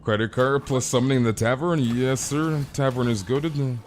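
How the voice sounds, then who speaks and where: A man's voice: medium pitch, normal speed, faint music behind. A young man streaming a game and chatting casually with viewers, rambling and tossing in "dude" and amused exclamations. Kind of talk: casual live-stream chat.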